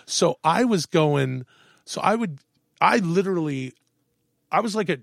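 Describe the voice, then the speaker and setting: A man in a casual podcast chat, telling animated stories, swearing freely and acting out what people said. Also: on the high side, a little slow, gravelly, no echo, studio quality. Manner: animated storyteller, swears, acts out quotes. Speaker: podcast guest, actor and comedian. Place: podcast studio.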